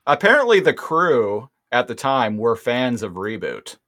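A man's voice: medium pitch, big pitch swings, a little slow, fairly bright tone. A man co-hosting a podcast, casually recapping an episode's plot with hesitant fillers. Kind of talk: casual chat.

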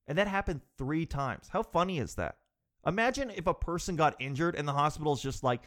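A man's voice: fairly high pitch, lively intonation, brisk, fairly bright tone. A man hosting a podcast, telling comic stories in a loose, rambling way, swearing casually and acting out the people in them. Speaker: comedian podcast host. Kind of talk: comic storytelling monologue.

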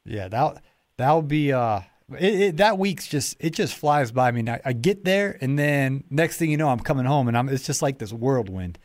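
A man's voice: mid-range voice, expressive, moderate pace, no echo. Chatty man hosting a podcast. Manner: rambling, chatty, with many restarts and fillers. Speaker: podcast host. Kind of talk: casual interview chat.

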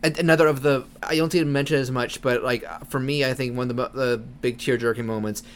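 A podcast host in casual chat, enthusiastic, with quick restarts. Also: mid-range voice, steady tone, a little hiss or hum.

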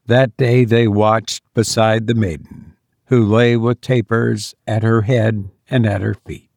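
A man narrating a story as an audiobook in a measured, deliberate manner. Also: fairly low pitch, little pitch movement, creaky, darkish tone, no echo, clean studio sound.

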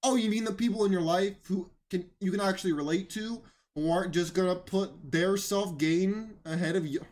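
A man's voice: high-pitched, moderate pace, darkish tone. Mocking man reacting to clips. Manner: mocking, incredulous, emphatic. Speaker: reaction commentator. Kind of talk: reaction commentary.

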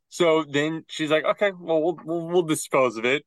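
A man co-hosting a casual podcast, telling a long rambling anecdote with quick restarts and acting out the people in it. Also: a little high, no room sound, low-quality recording. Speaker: podcast co-host. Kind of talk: casual storytelling chat.

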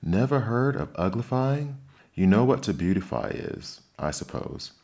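A man's voice: on the low side, big pitch swings, a little slow, dark tone, pitched above the performer's own voice. A man doing a brusque, scolding Griffin. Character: brusque, impatient male Griffin creature. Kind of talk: audiobook character reading.

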